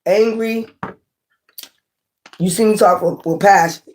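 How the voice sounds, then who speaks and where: A woman's voice: medium pitch, takes it slowly, darkish tone. A woman reads tarot cards for her viewers in a loose, casual way. She is blunt and swears freely, speaks with passion, and hammers her points home with repetition and questions to the audience. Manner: blunt, profane, repeats herself emphatically. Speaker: tarot reader. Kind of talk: casual tarot reading to camera.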